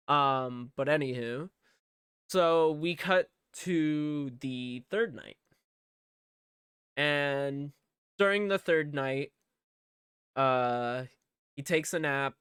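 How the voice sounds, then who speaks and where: A man's voice: mid-range voice, fairly bright tone, smooth, no echo, clean studio sound. A man casually recapping a movie plot in a rambling, profane way, with lots of fillers. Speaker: movie reviewer.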